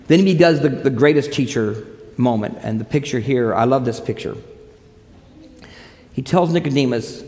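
A man's voice: mid-range voice, moderate pace. Preacher man in a reverberant hall. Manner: animated storytelling, quotes scripture. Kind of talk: sermon.

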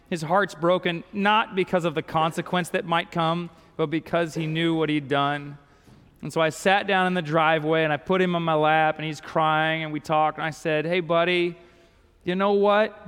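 A middle-aged man, preaching a folksy storytelling sermon that swings between lively telling and soft, hushed moments. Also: high voice, clean tone. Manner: folksy, animated storytelling with sudden soft drops. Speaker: pastor. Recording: long hall reverb.

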